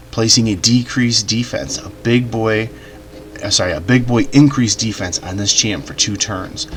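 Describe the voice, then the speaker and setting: A man's voice: lowish voice, a bit bright, a little hiss or hum. A man hosting his gaming channel, chatting enthusiastically in casual gamer slang while he plays. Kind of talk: casual gameplay commentary.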